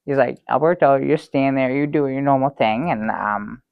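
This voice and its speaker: A man playing a gravelly, earnest sad sack. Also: medium pitch, normal speed, no echo, phone-quality sound, natural voice. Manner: earnest, rambling storyteller with many restarts. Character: naive sad-sack man, middle-aged, earnest and oblivious. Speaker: comedy sidekick telling a story. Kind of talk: improvised sketch comedy banter.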